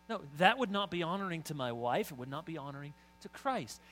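A man's voice: fairly high pitch, expressive, fairly quick, few pauses, fairly bright tone. A middle-aged man preaching a sermon as pastor, talking conversationally and rising to emphatic, building lines.

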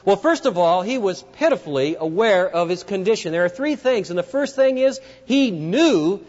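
A man's voice: high-pitched, expressive, moderate pace, darkish tone. A man preaching a sermon, telling a story vividly and speaking directly to his listeners. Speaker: pastor. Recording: dull lo-fi recording with long hall reverb.

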